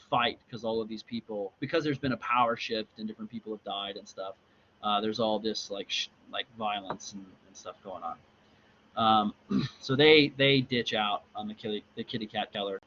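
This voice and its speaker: A man's voice: lowish voice, a bit bright, lo-fi sound, a little hiss or hum. A male lecturer reading a graphic novel aloud and explaining it in a casual, hesitant way with many fillers. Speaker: literature lecturer.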